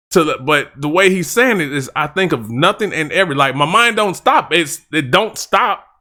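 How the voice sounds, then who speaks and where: A man's voice: a little high, pushed and bright. A man hosting a reaction channel, talking casually and rambling with restarts as he reacts to a song.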